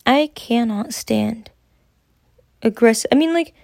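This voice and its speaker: A woman's voice: a little high, takes it slowly, creaky, darkish tone, no room sound. A young woman telling rambling, profane work anecdotes in casual storytelling. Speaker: podcast host.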